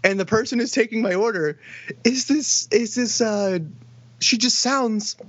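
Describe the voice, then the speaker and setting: A man's voice: sits high, unhurried, a bit bright, no room sound. A young man co-hosting a podcast, telling rambling stories with lots of swearing and laughter, on a dull lo-fi recording. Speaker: podcast co-host. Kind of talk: casual chat.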